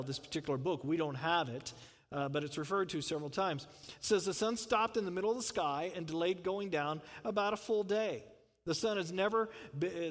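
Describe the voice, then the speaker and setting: A man's voice: fairly high pitch, in a large hall. A man preaching a conversational sermon, full of asides and rhetorical questions. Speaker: pastor.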